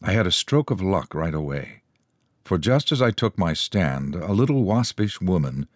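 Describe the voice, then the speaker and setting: Deep-voiced man narrating an audiobook. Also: very animated, moderate pace, no room sound, studio quality. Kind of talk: scripted narration.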